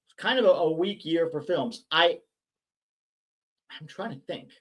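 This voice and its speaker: Lively young man chatting on a livestream. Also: a little high, a little slow, lo-fi sound. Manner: chatty, rambling, reads viewer comments aloud. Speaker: watch-along host reading chat. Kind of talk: casual live-stream chat.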